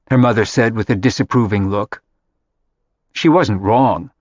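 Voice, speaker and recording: A man reading a contemporary novel aloud in scripted narration, measured and even. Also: on the low side, no room sound. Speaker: audiobook narrator. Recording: dry, slightly dull audiobook audio.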